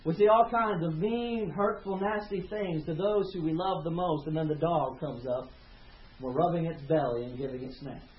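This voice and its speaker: High-voiced male pastor preaching. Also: moderate pace. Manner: impassioned preaching, repeats words and builds in volume. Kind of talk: sermon. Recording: roomy, slightly dull sound.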